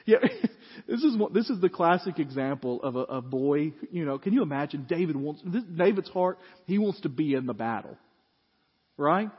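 A man preaching a sermon, telling a story with animated acted-out voices and frequent laughs. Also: on the high side, normal speed, husky. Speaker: pastor. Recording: dull lo-fi audio with long hall reverb.

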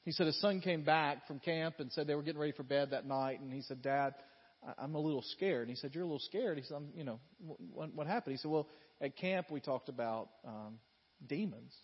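A man preaching a sermon to his congregation, his delivery swinging from loud emphatic bursts to quiet, intimate storytelling. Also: a little high, a little fast, husky, lo-fi sound. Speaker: pastor.

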